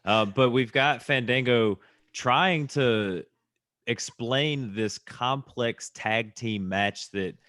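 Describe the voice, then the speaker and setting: A man's voice: mid-range voice, slow, fairly bright tone, no room sound, studio quality. A man co-hosting a podcast, recapping segments in a laid-back, amused way. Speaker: podcast co-host, wrestling reviewer. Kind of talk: casual podcast review chat.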